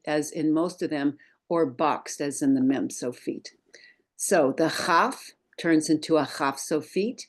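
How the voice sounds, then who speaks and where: A woman with a notably low voice gives a methodical Hebrew lesson. She talks in an unhurried way and patiently recites each letter for learners to repeat. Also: a little mellow. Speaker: Hebrew teacher. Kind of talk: screen-share Hebrew lesson.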